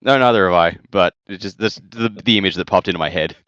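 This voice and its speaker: Deep-voiced male co-host, easygoing book chat, on a dull, dry mic. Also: fast talker, fairly bright tone, no room sound. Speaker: podcast co-host. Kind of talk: casual book-discussion chat.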